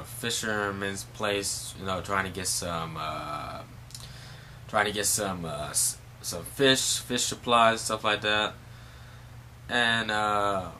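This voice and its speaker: A man's voice: medium pitch, pushed and bright. A man casually recapping a manga chapter, rambling with many fillers. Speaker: manga reviewer.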